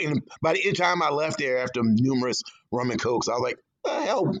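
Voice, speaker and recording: A man's voice: mid-range voice, a little fast, few pauses. A man, an author guest chatting casually and telling stories with laughter, acting out what others said. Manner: animated, laughing, acts out quotes. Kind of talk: casual storytelling chat.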